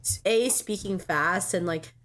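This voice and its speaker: A woman's voice: on the low side, a little slow, a bit bright. Rambling woman podcast co-host. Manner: rambling, many fillers and restarts. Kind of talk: casual chat.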